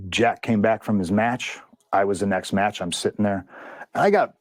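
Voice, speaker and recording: Speaking in a lowish voice, this male guest on an interview recounts a backstage confrontation, bluntly, heatedly and with plenty of swearing. The talk is casual storytelling, and the recording has no room sound.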